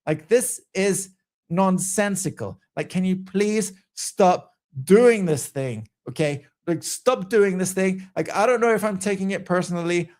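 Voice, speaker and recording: A man's voice: sits high, lively intonation, a little slow, a little mellow. A man hosting a casual commentary stream, ranting in a rambling, exasperated way with many fillers. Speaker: stream host.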